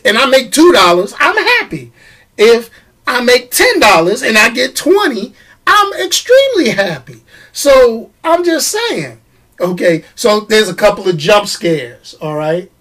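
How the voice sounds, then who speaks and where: Guy hosting a live stream, kinda high voice, stammers and restarts a lot, laughs while reading comments. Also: a bit bright. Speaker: show host. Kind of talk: casual live-stream chat.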